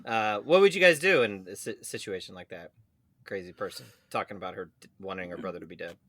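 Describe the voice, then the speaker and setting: A man's voice: deep voice, quick pace, a bit bright. A man in his thirties, co-hosting a casual podcast, telling a story with a lot of laughing and swearing. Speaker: podcast co-host.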